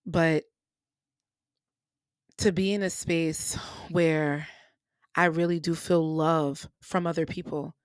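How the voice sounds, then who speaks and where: A woman's voice: low voice, fairly even intonation, slow pace, pauses often, smooth, no room sound, studio quality. A woman hosting a personal faith podcast, speaking earnestly and emotionally and repeating phrases for emphasis, with features. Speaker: podcast host. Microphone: podcast microphone.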